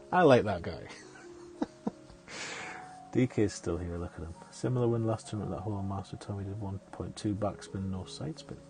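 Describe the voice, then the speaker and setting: A man talks through his game on a live stream in a low voice. His tone is mellow and relaxed, and he is chatty, thinking aloud and chuckling often. Faint game music runs behind him. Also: moderate pace, long pauses. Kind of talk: casual live-stream gameplay commentary.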